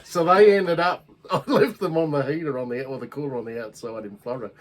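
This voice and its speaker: A man's voice: medium pitch, a little fast, rough recording. A man with an Australian accent, telling crude, laughing anecdotes in a casual chat.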